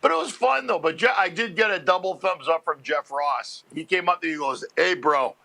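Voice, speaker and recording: A comedian from Montreal tells stories as an interview guest, animated and quick to laugh. His voice is high and bright, pushing through each anecdote. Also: gravelly, poor audio. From Montreal, Canada. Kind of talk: storytelling interview chat.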